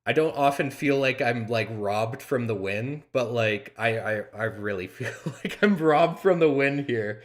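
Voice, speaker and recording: Male streamer, unhurried delivery, salty and cursing at opponents while commentating his game. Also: medium pitch. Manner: frustrated, swearing, reacting aloud to play.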